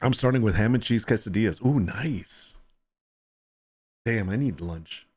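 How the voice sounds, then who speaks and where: A man's voice: fairly low pitch, measured pace, darkish tone. A man hosting a casual livestream chat, joking with and teasing viewers and greeting them by name. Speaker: livestream host.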